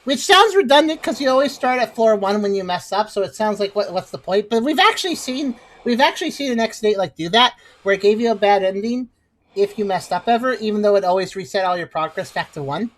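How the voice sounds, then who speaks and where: A woman's voice: mid-range voice, animated, brisk, low-quality recording. A woman hosting a gaming video, giving casual, joking commentary while she plays. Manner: chatty, joking, wry. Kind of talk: casual let's-play commentary.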